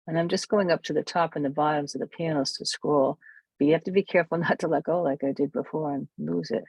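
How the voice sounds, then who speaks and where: A camera club presenter giving a casual software walkthrough, thinking aloud and correcting themselves while demonstrating. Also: mid-range voice, steady tone, quick pace, creaky, slightly rough, no room sound.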